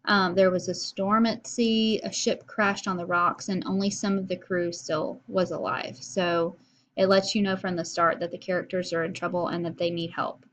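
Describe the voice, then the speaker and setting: A woman's voice: lowish voice, level tone, normal speed, fairly bright tone, a little hiss or hum. Woman teacher explaining casually. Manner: casual and explanatory, with frequent fillers. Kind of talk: recorded video lesson.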